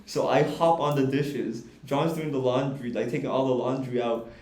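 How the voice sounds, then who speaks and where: A young man co-hosting a podcast, telling a story in a casual, animated, swearing way and laughing as he goes. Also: medium pitch, moderate pace. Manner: animated, profane, laughs while telling stories. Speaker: podcast co-host. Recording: echoey room.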